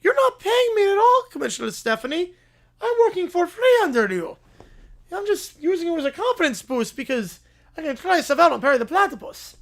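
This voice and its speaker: A man doing Doofenshmirtz, high and whiny. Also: expressive, quick pace, gravelly, sharp tone, exaggerated voice. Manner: whiny, complaining. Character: scheming middle-aged male cartoon mad scientist.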